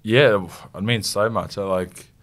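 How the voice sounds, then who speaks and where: Young aussie bloke, real deep voice, stops and restarts a lot, gets choked up. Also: male voice, fairly even intonation. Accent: Australian. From Australia. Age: young adult. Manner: earnest, halting, gets choked up with emotion. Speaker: rugby league captain, guest. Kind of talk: casual interview.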